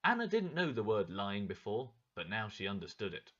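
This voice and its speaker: A man narrating a story for English learners with a clear, expressive reading. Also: lowish voice, normal speed, lo-fi sound.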